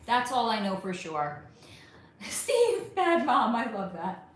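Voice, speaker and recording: Reverberation surrounds a very animated woman with a fairly high pitch who takes her time speaking. The middle-aged livestream host reads out viewer comments warmly, chatting, calling folks honey, and cursing without restraint.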